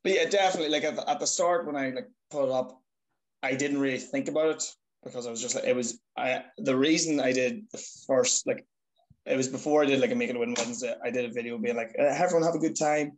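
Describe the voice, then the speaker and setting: A young Irish man chats as a guest over a video call. He tells stories at a lively clip, swears freely, and slips into quick impressions of the people in them. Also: medium pitch, poor audio. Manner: lively storytelling, swearing, mimics voices. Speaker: podcast guest. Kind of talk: casual chat.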